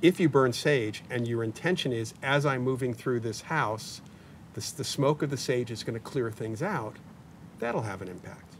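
A man in his sixties speaks as an interview guest, rambling through anecdotes and dropping jokes along the way. He sounds set back from a distant mic, with a faint low rumble underneath. His pitch sits at an ordinary middle height. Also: expressive, moderate pace. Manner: chatty, anecdotal, joking asides. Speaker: paranormal investigator guest. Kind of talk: interview conversation. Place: community media studio.

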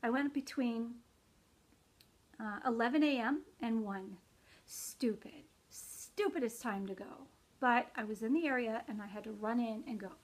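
A middle-aged woman vlogging casually about cross stitch, who slips into an exasperated rant that climbs toward near shouting. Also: a little high, moderate pace. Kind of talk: casual vlog chat.

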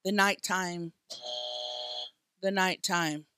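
A woman's voice: fairly low pitch, steady tone, very slow, pushed and bright, clear, resonant tone, no room sound, faint music behind. A woman co-hosting a podcast in casual, playful chat, laughing and swearing freely, on a close studio mic. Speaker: podcast co-host.

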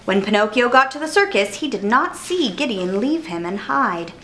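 Woman, storyteller, children's picture book read aloud, expressive, animated, fairly high voice. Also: normal speed, slight background noise.

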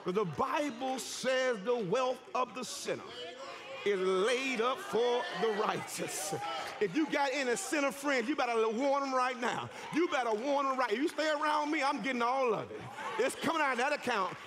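A man preaching a sermon in a church, fervent and shouting with emphatic repetition. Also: very high voice, lively intonation, moderate pace, crowd noise. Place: church sanctuary.

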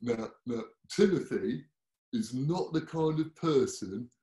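A British man talks through his solo show in a relaxed, rambling way, full of ums. His pitch moves a lot as he speaks, and the room gives his voice a clear echo. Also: slow. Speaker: solo performer and comic. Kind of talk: casual talkback explaining a show. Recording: echoey room.

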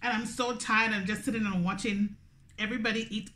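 A woman's voice: fairly high pitch, fairly even intonation, fairly quick, sharp tone. A woman with a Grenadian accent, a food vlogger chatting casually between bites. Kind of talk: casual eating vlog chat.

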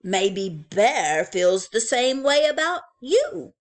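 A woman voicing a kind, patient male owl teacher in a storybook, gentle and reassuring but firm. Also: on the high side, big pitch swings, slow, exaggerated voice.

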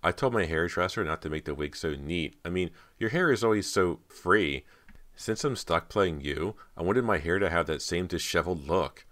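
A very deep-voiced reader doing a smug, condescending teenage girl who mocks and belittles in a cool, catty tone. Storybook narration, only lightly lifted above the reader's own low register. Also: expressive, normal speed, a bit bright. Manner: condescending and mocking. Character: snide teenage girl actress, catty rival.

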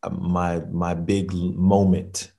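A man in his thirties, an actor, telling a relaxed, chatty story to the camera. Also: low voice, takes it slowly, creaky. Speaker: actor guest. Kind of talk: casual anecdote to camera.

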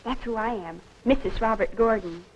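An actress playing a sweet, eager young newlywed wife in a 1940s film, talking in a gushing, affectionate way. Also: female voice, a little high, moderate pace, lightly acted. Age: young adult. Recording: dull old film soundtrack, faint hiss.

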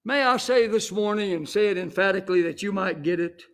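A middle-aged senior pastor preaching an emphatic sermon, building to exclamations and punctuating points with "Amen.". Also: male voice, high-pitched, brisk.

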